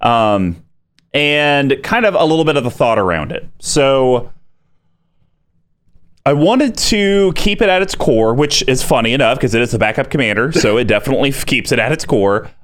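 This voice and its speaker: Relaxed man explaining strategy. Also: mid-range voice, moderate pace. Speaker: podcast co-host. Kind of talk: casual chat explaining deck strategy.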